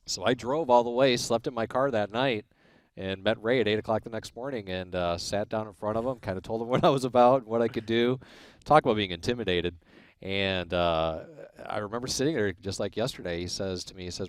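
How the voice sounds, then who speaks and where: With a fairly low, clear, resonant voice and a slightly fast pace, an Illinois-born man in his forties recounts his racing career as a crew chief guesting on a casual interview. He animates his stories by performing the dialogue, and there is no echo.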